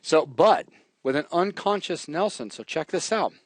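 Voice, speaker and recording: A man's voice: a little high, moderate pace, no room sound. Chatty man teaching code, dry sound. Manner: relaxed, jokey, talks while typing. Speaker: programming instructor. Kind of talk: live coding tutorial.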